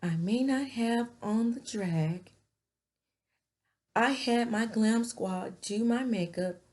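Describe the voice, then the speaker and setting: A woman's voice: a little high, slow pace, a little mellow, voice pushed up. A woman putting on the voice of a haughty, rich woman who sounds indignant and boastful. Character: haughty rich woman defending her glam.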